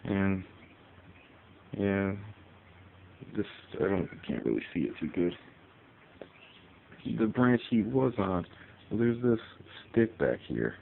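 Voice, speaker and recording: A man with a very deep voice talks loosely about his pet, full of fillers and restarts. He is recording himself on a phone, so the sound is thin and tinny, with faint background ambience. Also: slow pace, gravelly, long pauses, a little hiss or hum. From Connecticut, US. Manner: rambling, relaxed, many fillers. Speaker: pet owner. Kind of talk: casual phone vlog.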